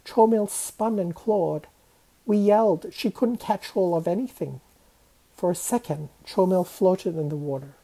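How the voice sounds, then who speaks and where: A woman reading a children's story aloud, expressive and changing her voice for each character. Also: fairly low pitch, measured pace, poor audio.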